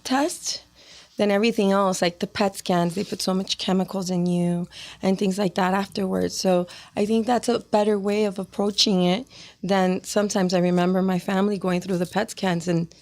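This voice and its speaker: Gravelly-voiced woman hosting an interview. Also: medium pitch, fairly even intonation, moderate pace, a little mellow. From Miami, United States. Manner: supportive, agreeing, asks rambling questions. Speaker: podcast host, caregiver. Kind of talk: casual interview.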